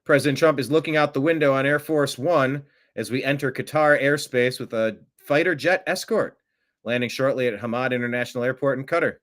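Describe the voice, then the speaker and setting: A man's voice: medium pitch, a little fast, a bit bright. A man hosting a political news show, talking casually with wry, offhand remarks. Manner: wry, offhand, mocking asides. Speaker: political commentary show host.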